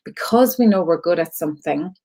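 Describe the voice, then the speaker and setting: An Irish woman talks straight to her viewers in a loose, heartfelt way, wandering through her story. Her voice sits a little low for a woman. She keeps restarting sentences and leaning on fillers as she goes. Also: expressive, fairly quick, mellow, slightly rough. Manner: candid and rambling, with frequent fillers and restarts. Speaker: host of an online community show.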